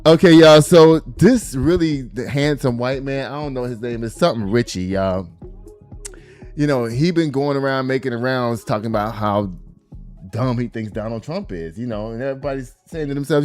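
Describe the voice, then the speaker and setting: A man's voice: mid-range voice, normal speed, darkish tone, soft background music. A man hosting a casual commentary vlog, chatty and profane, talking straight to his viewers.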